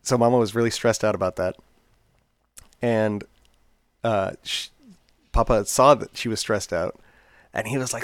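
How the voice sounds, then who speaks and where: Brief: low-voiced man, rambling casual storyteller, close dry mic. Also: a little slow, pauses often, no echo. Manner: rambling, chatty, many fillers. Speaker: podcast co-host.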